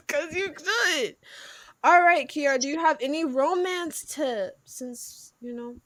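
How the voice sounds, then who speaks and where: A woman's voice: high voice, expressive, fairly bright tone, no echo. A young woman co-hosting a podcast, rambling casually with lots of "like" in between. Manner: rambling with lots of "like", quick laughs. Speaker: podcast co-host. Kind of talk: casual chat.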